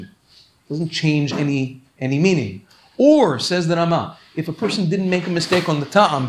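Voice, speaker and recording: Emphatic man teaching a religious law class. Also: a little high. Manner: earnest, rapid-fire reading of quoted texts then slower explaining; emphatic, repeatedly urging listeners to pay attention. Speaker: Torah teacher.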